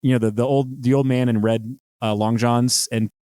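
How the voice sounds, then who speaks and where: A man co-hosting a podcast, talking casually in halting bursts full of restarts. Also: medium pitch, steady tone, darkish tone, dry recording, clean studio sound. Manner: halting, many restarts and fillers. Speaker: podcast co-host. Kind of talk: casual chat.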